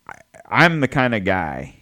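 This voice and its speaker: Low-pitched guy on a podcast, rambly and sweary, keeps correcting himself. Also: very animated, unhurried, bright, forceful tone. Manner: rambling, profane, self-correcting. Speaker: podcast co-host. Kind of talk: casual political chat.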